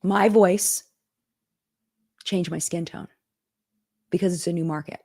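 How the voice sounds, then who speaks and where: A woman's voice: fairly low pitch, fairly even intonation, takes it slowly, creaky, dark tone. A woman hosting a casual live stream, thinking aloud as she reads viewer comments and contract text. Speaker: host of a live chat stream. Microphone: streaming setup.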